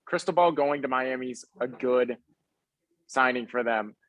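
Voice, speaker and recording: A man's voice: medium pitch, normal speed, a bit bright, no echo, low-quality recording. Young male podcast co-host, casual rambling sports talk, dry close sound. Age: young adult. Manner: rambling, laid-back, lots of fillers.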